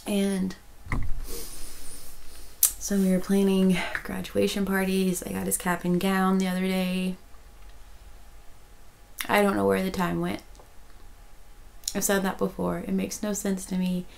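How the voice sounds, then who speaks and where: A woman's voice: medium pitch, completely flat delivery, unhurried, gravelly, long pauses, a little mellow, low-quality recording. A woman, chatting casually as a crochet vlogger, rambling with many restarts and turning emotional. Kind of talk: casual chat.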